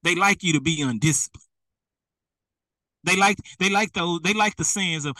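A man's voice: high voice, normal speed, sharp tone, no echo, distant mic, rough recording. A man preaching a sermon, emphatic and repetitive, speaking straight to his listeners.

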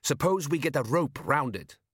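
A man voicing a nervous, hurried male city guard in an audiobook. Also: a little high, big pitch swings, dry recording, clean studio sound, pitched above the performer's own voice. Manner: hurried, anxious.

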